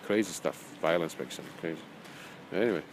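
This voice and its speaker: A spiritual teacher gives an informal spoken course in a low, brisk voice, speaking conversationally, repeating phrases, chuckling often, and sometimes reading from his own book. The recording is rough, with a little hiss or hum.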